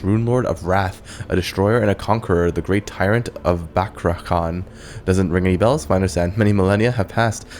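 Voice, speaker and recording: Courteous old lich tyrant, a man reading his lines, deep voice, level delivery. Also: slight background noise, lightly acted. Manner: smooth, flattering, read aloud plainly.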